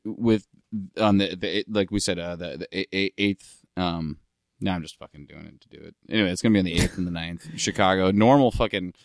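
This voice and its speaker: A man's voice: low voice, brisk, no echo, studio quality. A man co-hosting a podcast, rambling and stammering through casual banter and swearing often. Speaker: podcast co-host, band member.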